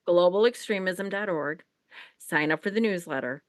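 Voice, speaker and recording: A woman's voice: fairly low pitch, moderate pace, dry recording. A woman co-hosting a political podcast, talking in a chatty, rambling way full of fillers and restarts. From Chicago. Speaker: podcast co-host. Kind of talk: casual conversational interview.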